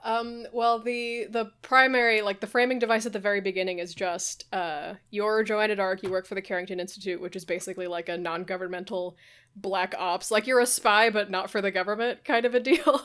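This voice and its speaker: A woman's voice: mid-range voice, fairly even intonation, brisk, a bit bright, smooth. Woman recapping a game plot, casual and profane. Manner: loose, profane storytelling with amused laughs.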